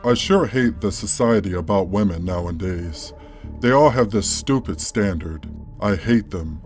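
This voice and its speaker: A man voicing a creepy misogynist male coworker in a flat, matter-of-fact way. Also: sits low, unhurried, faint music behind. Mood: bitter.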